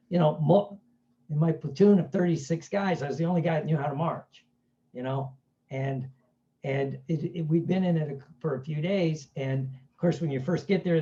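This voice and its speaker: A man's voice: on the high side, warm tone, dull audio. A man giving a casual self-help talk, telling stories in a chatty way and often asking "right?". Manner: chatty, keeps asking "right?", acts out quoted voices.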